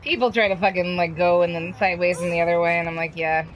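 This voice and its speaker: A woman's voice: fairly low pitch, fairly even intonation, fast. A woman streamer giving casual gameplay commentary, swearing and taunting the other players. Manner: profane trash-talking, taunting opponents. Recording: noisy background.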